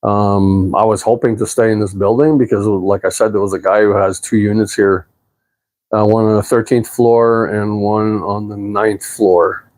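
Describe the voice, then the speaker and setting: A man's voice: lowish voice, normal speed. Rambling man. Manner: rambling, relaxed, with swearing and many fillers. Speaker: livestreamer. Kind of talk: casual livestream chat answering viewers. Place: apartment at home.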